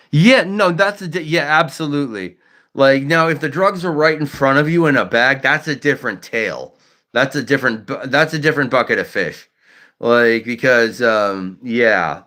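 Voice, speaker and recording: A man's voice: mid-range voice, bright, forceful tone. A man hosting a casual livestream chat, talking bluntly and with lots of swearing, and stuttering at times. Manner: blunt, profane, ranting. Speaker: livestream host.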